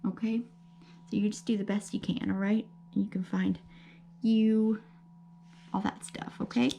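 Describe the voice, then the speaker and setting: A woman teaching young children a grammar lesson, gentle and patient, checking often that they follow. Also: medium pitch, little pitch movement, gravelly, a little hiss or hum. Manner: gentle, patient, explaining slowly with many checks like okay. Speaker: elementary school teacher.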